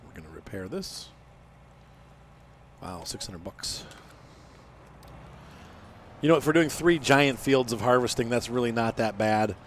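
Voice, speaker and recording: A man's voice: mid-range voice, expressive, unhurried, long pauses, slight background noise. A man hosting a farming game let's-play, talking casually and rambling as he plays, with some teasing banter. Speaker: gaming channel host.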